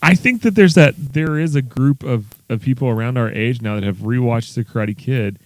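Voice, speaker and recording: A man's voice: medium pitch, normal speed, dry recording. Rambling Kentucky man on a podcast. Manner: enthusiastic, rambling, acts out quotes. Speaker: podcast co-host. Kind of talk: casual podcast banter.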